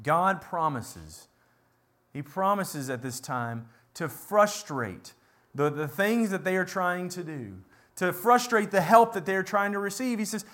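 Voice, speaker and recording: High-voiced man preaching a sermon. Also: animated, unhurried, fairly bright tone. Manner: reads scripture aloud and explains it, voicing God and the people in quotes.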